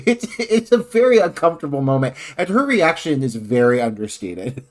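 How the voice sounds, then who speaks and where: A co-host riffs on a slasher film with sarcastic, expressive energy and plenty of cursing. The pitch jumps around a great deal, which keeps the delivery animated. The tone stays casual and conversational. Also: moderate pace. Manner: expressive, sarcastic, swears freely. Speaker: podcast co-host. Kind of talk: casual film-review chat.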